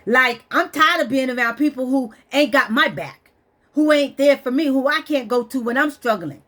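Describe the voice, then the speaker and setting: A woman's voice: high-pitched, lively intonation, normal speed, fairly bright tone. A woman venting bluntly on a vlog, stressed and weepy, swearing as she talks. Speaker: vlogger. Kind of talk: emotional personal vent.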